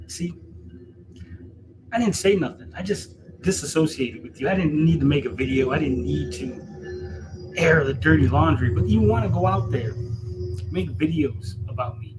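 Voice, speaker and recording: A man's voice: fairly high pitch, expressive, moderate pace, a little mellow, slight background noise, rough recording. A man delivering a heated, profane callout rant to camera, repeating himself and mocking his target. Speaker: streamer.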